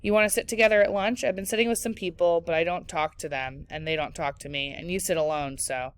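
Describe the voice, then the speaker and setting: A woman's voice: fairly low pitch, steady tone, fast, smooth, no room sound, natural voice. Woman reading as a confident schoolgirl, blunt, friendly, dry sound.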